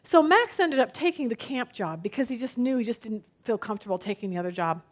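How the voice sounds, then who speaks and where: A middle-aged woman teaching a Bible study, telling stories in an animated way and acting out what people said. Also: on the high side, fast. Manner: animated, acts out quoted speech.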